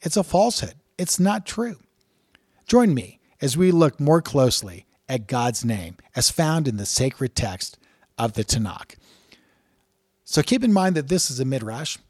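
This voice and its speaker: A man's voice: medium pitch, animated, normal speed, a little mellow, no echo, studio quality. A man teaching from scripture in an earnest way, reading passages aloud with emphatic rises and talking through their meaning. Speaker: Bible teacher.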